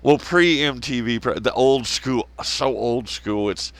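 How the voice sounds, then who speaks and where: A man's voice: medium pitch, takes it slowly, no echo. A man hosting a solo commentary show, rambling, swearing a lot and laughing at his own jokes. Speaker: podcast host.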